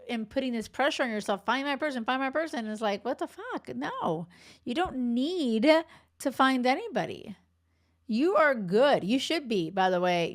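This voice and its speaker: A woman in her forties hosting a dating podcast as a coach, talking bluntly in a casual monologue, swearing freely and laughing between asides. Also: fairly high pitch.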